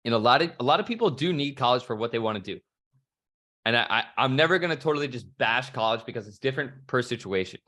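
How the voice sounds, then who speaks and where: A man's voice: medium pitch, lively intonation, fast talker, bright, forceful tone. A young man giving a fired-up motivational talk on a video call, casual and profane, full of bro slang. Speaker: motivational speaker.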